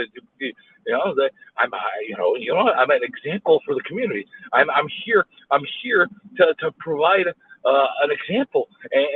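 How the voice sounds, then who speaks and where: A man streaming from his car in traffic, rambling and stammering, then bursting into loud yelling at other drivers. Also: fairly high pitch, slightly rough, dry recording. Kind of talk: ranting while driving. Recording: phone-like dry lo-fi sound.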